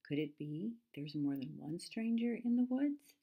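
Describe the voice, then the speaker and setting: A woman's voice: lowish voice, lively intonation, a little slow, breathy edge, muffled recording, full character voice. A woman voicing an eager young fawn in a storybook. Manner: eager, keen to volunteer.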